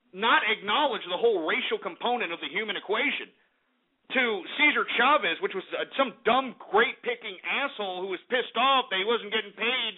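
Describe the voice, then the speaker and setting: A man hosting a call-in talk radio show, ranting in a combative, profane way. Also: high-pitched. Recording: tinny phone-like radio audio.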